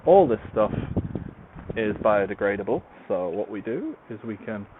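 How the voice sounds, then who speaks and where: Moving about his home's large open-plan room as he tidies, a man talks in a meandering, self-deprecating, casual way; he's a podcaster reviewing a book series. His sing-song voice is on the low side at a moderate pace, captured in a tinny, phone-like recording with faint noise.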